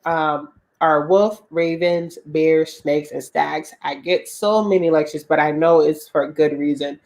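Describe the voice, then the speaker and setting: A woman's voice: sits low, fairly even intonation, measured pace, darkish tone. A young woman with a Southern US accent, co-hosting a casual chat and telling stories with frequent laughs. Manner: chatty storytelling, laughs often. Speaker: co-host.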